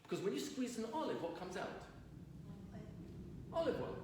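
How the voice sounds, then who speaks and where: A man's voice: high-pitched, big pitch swings, normal speed. Man lecturing in a roomy hall. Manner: storytelling, asks the audience questions. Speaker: rabbi lecturer. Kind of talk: Torah lecture to an audience. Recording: roomy distant recording with faint noise.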